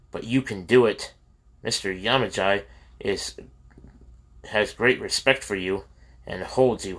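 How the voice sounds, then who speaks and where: A man reading the lines of a tired, kind woman camp leader, gentle and reassuring. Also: on the low side.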